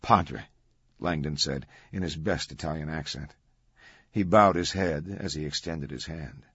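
A man narrating an audiobook in a measured, even storytelling manner. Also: very deep voice, breathy edge, dry recording. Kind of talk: scripted narration. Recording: dull dry audiobook recording.

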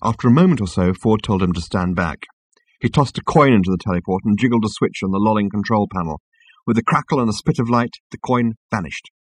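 Husky man, dry studio sound, measured audiobook narration. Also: lowish voice, no room sound.

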